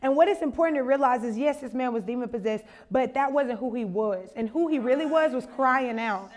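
High-voiced young woman preaching a sermon. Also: a little fast, darkish tone. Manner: conversational, humorous, building to impassioned exhortation. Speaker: conference speaker.

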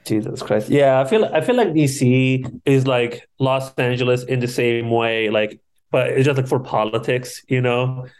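A podcast co-host reacting in quick interjections and wry asides. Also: mid-range voice, a little mellow. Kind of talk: casual chat.

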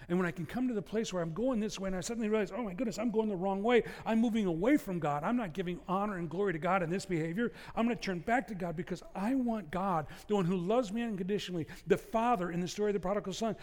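A man delivering a sermon in a relaxed, talky way, dropping in asides and jokes between scripture readings. His voice sits a bit high for a man. The sound carries a long reverb, as in a large church. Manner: conversational preaching with asides and humor. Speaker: pastor.

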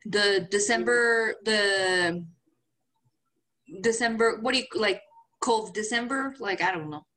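A woman's voice: mid-range voice, takes it slowly, fairly bright tone. A woman co-hosting a casual podcast, teasing her friend with crude slang and frequent laughs. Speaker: podcast co-host. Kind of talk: casual chat.

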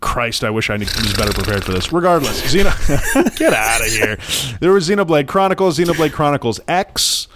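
A man's voice: mid-range voice, expressive, a little fast, background noise. A man co-hosting a casual podcast, rambling and joking at his own expense. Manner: rambling, self-deprecating, joking. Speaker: podcast co-host. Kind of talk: casual chat.

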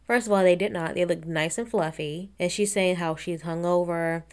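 A woman's voice: fairly low pitch, fairly even intonation, moderate pace, smooth. A woman giving a casual, blunt and sarcastic recap of a TV episode, swearing and laughing often. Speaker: reality TV recap host.

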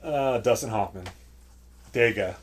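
A man co-hosting a podcast, reviewing a movie in casual chat, animated and profane, laughing often. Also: lowish voice, a little slow. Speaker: podcast co-host.

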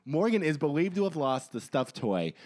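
A man's voice: a little high, big pitch swings, moderate pace, darkish tone. A man co-hosting a casual podcast, reading out news stories with sarcastic, crude jokes. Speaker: podcast co-host.

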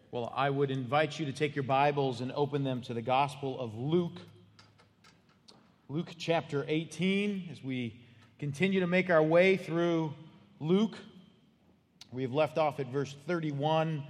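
A man's voice: on the high side, long reverb tail. A man preaching a sermon as pastor, telling stories in a plain, earnest, conversational way.

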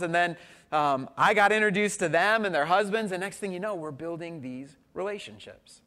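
A man's voice: on the high side, a bit bright. A man preaching a conversational sermon, telling stories and asking the congregation questions. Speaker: pastor.

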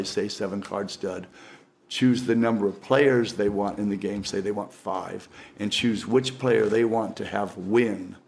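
Gravelly older man telling stories. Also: lowish voice. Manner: rambling, with frequent restarts and laughs. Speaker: professional magician, interview guest. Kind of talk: casual storytelling in an interview.

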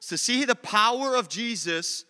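A male pastor preaching a sermon in a church, telling a story with lively acted-out dialogue. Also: very high voice, a little slow, clean tone, big-room sound. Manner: animated storytelling, acts out dialogue.

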